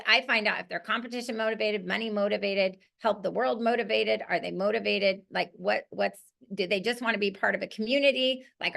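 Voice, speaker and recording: A middle-aged woman teaches her team how to run welcome calls and acts out the script in an upbeat, coaching tone. Her voice is bright and forceful, with a gravelly fry at the ends of phrases. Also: a little high. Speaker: network marketing team leader. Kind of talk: training call.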